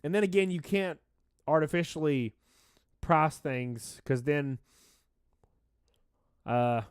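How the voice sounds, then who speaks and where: A man's voice: fairly high pitch, animated, slow, smooth, no room sound, studio quality. Stuffy-nosed man rambling on a livestream. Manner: rambling, reads chat names aloud, shouts out donors. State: stuffy nose, out of breath. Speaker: livestream host. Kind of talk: casual livestream chat.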